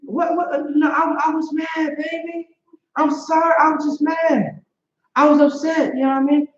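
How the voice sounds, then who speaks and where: A man voicing a girlfriend who pleads and makes excuses after a fight, in a high, rushed voice. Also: level tone, roomy sound, highs cut off, slight background noise. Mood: pleading.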